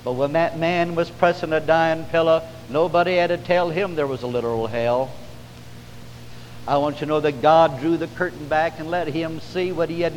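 Fervent preacher man in an echoing hall. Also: on the high side. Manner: preaching with rising fervor and drawn-out emphasis. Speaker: pastor. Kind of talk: revival sermon. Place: church service. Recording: long hall reverb with faint hum.

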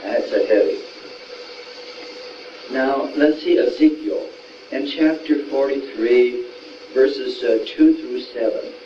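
A man's voice: mid-range voice, slow, long pauses, warm tone. A man preaching in a homespun, folksy way and retelling Bible stories in quoted voices, in a room with a small gathering. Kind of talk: folksy sermon. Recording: roomy, distant, dull sound with faint noise.

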